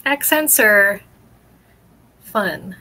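Bright, unhurried woman host. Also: mid-range voice, expressive, rough recording. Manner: greets viewers, reads comments, laughs often. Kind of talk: casual livestream chat.

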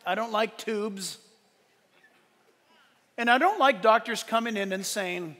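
A male pastor preaching a sunrise service sermon, animated and shouting at the high points, with joking asides. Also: slow, long pauses, in a large hall, a little hiss or hum.

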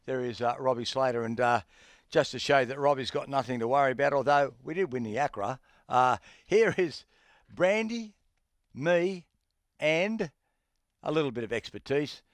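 A middle-aged man with an Australian accent hosting a sports radio show, talking haltingly with many fillers and restarts. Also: medium pitch, no echo.

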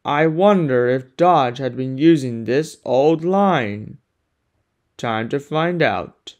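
A performer voicing a proud, boastful big male steam engine in a fan-made animated series, pompous and gloating. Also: medium pitch, takes it slowly, voice pushed down. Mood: scheming. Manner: pompous and gloating, turns to panicked yelling.

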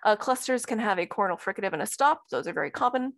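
A woman giving an academic linguistics talk over a video call, explaining clearly. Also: mid-range voice, expressive, fast talker, a bit bright, no echo. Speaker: linguistics presenter.

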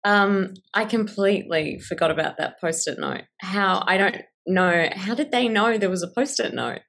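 A woman's voice: medium pitch, moderate pace, vocal fry, a bit bright. A young woman with an Australian accent, an actress answering interview questions in a thoughtful, plain way.

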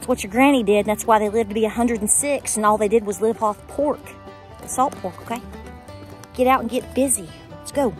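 A woman's voice: on the high side, brisk, faint music behind. A woman, hosting a homestead vlog and chatting casually with her viewers while working outdoors in a garden. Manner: chatty, folksy, talks straight to viewers.

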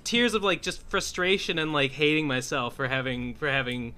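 A young man chatting on a casual podcast, stumbling and restarting his sentences. His voice is bright and tense and sits a little high. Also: clear, resonant tone. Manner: halting, restarts often, swears casually. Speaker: podcast co-host.

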